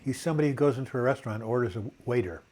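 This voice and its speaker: A man's voice: medium pitch, racing, darkish tone. An older man hosting a casual live video chat with a dry cough, reading viewers' comments aloud and telling corny jokes.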